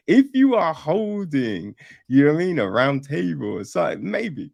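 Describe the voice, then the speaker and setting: A man's voice: fairly high pitch, very animated, normal speed, vocal fry, a little mellow, no room sound. A man reviewing a film on a podcast in a casual, sarcastic rant, swearing freely and rambling with restarts. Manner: rambling with restarts and "you know what I mean".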